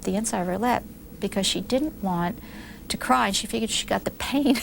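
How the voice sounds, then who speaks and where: A woman in her fifties from the United States, candidly recalling events in an interview, animated, with frequent restarts. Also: mid-range voice, gravelly, slight background noise. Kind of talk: reflective interview recollection.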